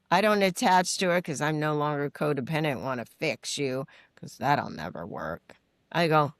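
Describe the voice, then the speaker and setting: A middle-aged woman speaking candidly as a podcast guest, her voice sitting fairly low. She tells stories with animated, acted-out voices and casual swearing. The recording is dry and close. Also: unhurried, no room sound. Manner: animated storytelling, acting out quoted voices; frank, uses casual swearing. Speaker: guest, recovery mentor and author. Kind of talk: candid interview conversation.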